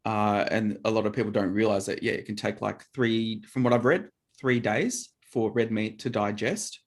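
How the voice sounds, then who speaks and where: A man's voice: on the low side, normal speed. A man co-hosting a casual chat about diet, talking loosely and often restarting his sentences. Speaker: co-host.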